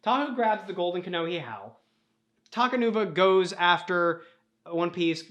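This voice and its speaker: A young man tells a rambling comic story in a casual, profane way, with slightly high pitch. His voice carries a noticeable room echo around it. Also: lively intonation, moderate pace, a bit bright, muffled recording. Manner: profane, rambling, laughing at own slips. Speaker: host retelling a story.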